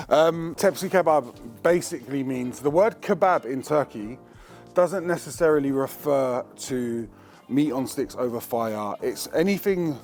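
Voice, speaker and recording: A man's voice: medium pitch, a little slow, darkish tone, faint music behind. Slangy man hosting a cooking show. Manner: slangy, chatty, joking. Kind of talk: casual cooking demonstration. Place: kitchen.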